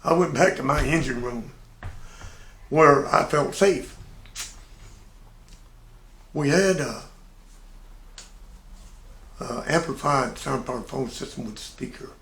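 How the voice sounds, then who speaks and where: A man's voice: medium pitch, slow pace, vocal fry, pauses often, fairly bright tone. An older man, a navy veteran, telling a casual, plain-spoken anecdote with chuckles and swearing. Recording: echoey room.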